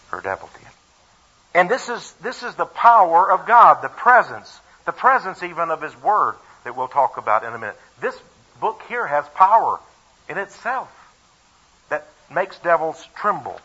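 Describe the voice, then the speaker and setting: A man preaches and tells a Bible story in a folksy, emphatic way, chuckling now and then. His voice is bright, a little high and husky. It comes through a dull, lo-fi radio broadcast. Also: sing-song, moderate pace. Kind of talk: sermon retelling a Bible story.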